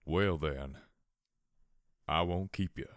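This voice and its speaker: A man voicing an old, kindly ghost pony with a feathery, rasping voice, in an audiobook. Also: sits low, no room sound, studio quality. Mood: teasing. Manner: slow, teasing, kindly. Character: old male pony ghost, gentle grandfatherly drifter. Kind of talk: audiobook character voice.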